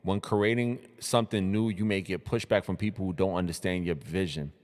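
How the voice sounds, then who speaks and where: A young man from New City, hosting a casual live stream and reacting to social media posts in hyped, slangy talk full of repeated greetings and shout-outs. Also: low-pitched, fairly even intonation, brisk, long reverb tail. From New York City.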